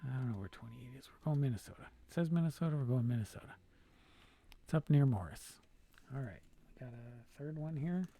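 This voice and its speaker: Solo game commentary: a man thinking aloud over a guessing game, voice soft and breathy, slipping into muttered half-whispers. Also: medium pitch, lively intonation, fairly quick. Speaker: game player.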